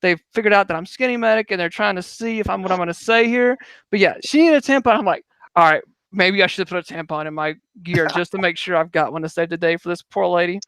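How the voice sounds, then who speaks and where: A male podcast host and medic who tells a lively story in a casual, chatty way. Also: high-pitched, fast, clear, resonant tone, no room sound.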